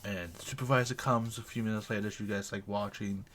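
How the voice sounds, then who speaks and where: A man runs a tabletop session, describing scenes in a loose, meandering way. His voice is bright and his narration is casual and unpolished. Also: on the low side, steady tone, fast, a little hiss or hum. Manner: loose, searching, many fillers and restarts. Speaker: game master.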